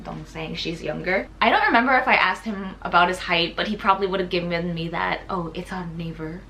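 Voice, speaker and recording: Bright, chatty young woman vlogger. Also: fairly low pitch, fast, gravelly, slight background noise. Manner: chatty and excitable, lots of "like". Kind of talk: casual storytime vlog.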